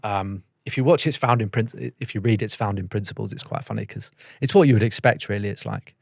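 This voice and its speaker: A low, gravelly man talks quickly as a podcast guest, animated and storytelling. The sound is dry and close, with no room around him. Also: dry recording. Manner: animated storytelling, acting out quoted voices. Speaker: guest, former soldier and journalist. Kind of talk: conversational podcast interview.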